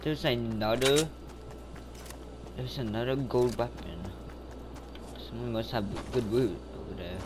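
A man hosting his own gaming channel, giving live gameplay commentary that swings between muttering to himself and panicked yelling. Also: medium pitch, measured pace, pauses often, background noise.

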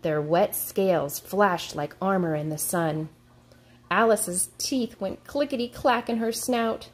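A woman teacher reading a picture book aloud to her class, in a slow, expressive storytelling way. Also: medium pitch.

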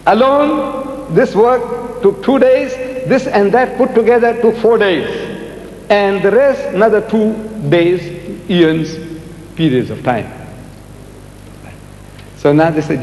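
An older man answering audience questions in a public debate, animated and rhetorical, repeating words for emphasis. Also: sits high, slow pace, pauses often, muffled recording. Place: large lecture hall. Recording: echoey hall with faint music.

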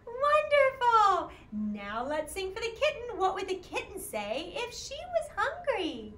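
High, sing-song children's music teacher woman. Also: huge pitch swings, unhurried, few pauses, a bit bright. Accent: Midwestern American. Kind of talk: interactive kids' music class. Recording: echoey room, faint ambience.

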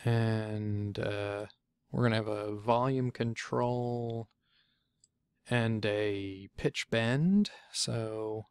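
A man giving a casual software tutorial, chatty and thinking aloud as he clicks through, often stopping to correct himself. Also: on the low side, steady tone, very slow, smooth, no room sound. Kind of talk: casual screencast walkthrough.

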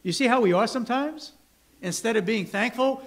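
A man's voice: very high-pitched, moderate pace. A man preaching as pastor, conversational, often checking in with his listeners and acting out complaining workers. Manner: conversational, asks the congregation "right?" often; acts out grumbling workers with raised voice. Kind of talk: sermon. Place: church sanctuary.

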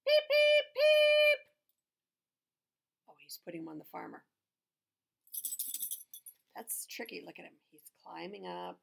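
Animated woman reading a picture book aloud. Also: low-pitched, moderate pace, creaky, pauses often, breathy edge. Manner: chatty asides to the listener between pages; animated, acting out animal sounds. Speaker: storybook reader.

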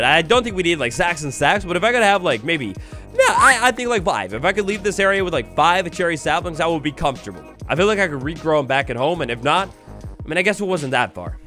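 Excitable young man narrating a game. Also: a little high, fast talker. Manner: excitable, playful, theatrical mock outrage. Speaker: gaming YouTuber. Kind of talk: Minecraft let's play commentary. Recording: faint background music.

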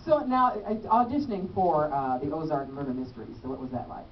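A woman hosting a radio interview, lively and encouraging, laughing along with her guest. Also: low-pitched, a little fast, slight background noise. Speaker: radio host. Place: radio studio. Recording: distant, muffled radio studio audio.

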